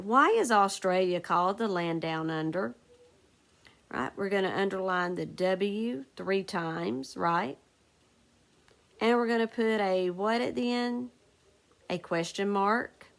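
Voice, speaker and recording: A woman's voice: mid-range voice, takes it slowly, creaky. A woman teacher leading a recorded phonics lesson for second graders, patiently asking the class questions and answering them herself.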